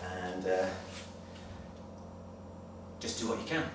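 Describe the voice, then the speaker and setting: A slightly breathless male personal trainer demonstrating exercises, giving brisk, direct coaching with frequent check-ins. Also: sits low, animated. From Wales. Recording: very echoey, distant, noisy room sound.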